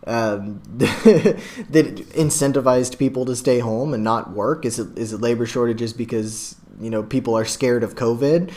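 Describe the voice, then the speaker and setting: A young man reacting to news clips from his home computer, talking in a rambling, excitable way full of likes and you knows. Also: medium pitch. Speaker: reaction video host. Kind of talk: casual reaction commentary. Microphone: webcam.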